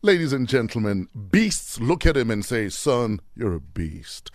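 Lively-pitched South African radio host. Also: male voice, measured pace, dry recording. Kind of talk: breakfast radio interview. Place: radio studio.

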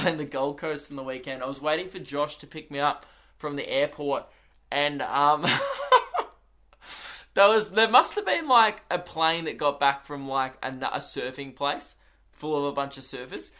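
A man's voice: fairly high pitch, a bit bright. A young Australian man, a comedian, chatting casually on his solo podcast and telling rambling, swearing anecdotes in an Australian accent.

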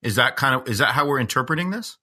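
Bright rambling podcast man. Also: medium pitch, animated, quick pace, slightly rough. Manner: rambling, lots of "I mean" and "like". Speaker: podcast co-host. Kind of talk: casual chat.

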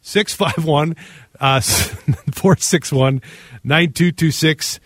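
A man hosts a call-in radio show. He jokes around and reads listener texts in a relaxed way. The studio sound is dry and close. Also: fairly high pitch, extremely slow, no room sound. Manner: casual, joking, reads texts aloud. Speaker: radio host. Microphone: studio microphone.

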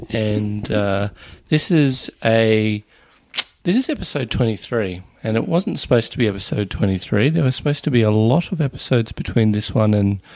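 Lower-voiced wry male co-host. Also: dry recording. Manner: relaxed, wry, with fillers. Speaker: podcast co-host. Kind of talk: casual podcast chat.

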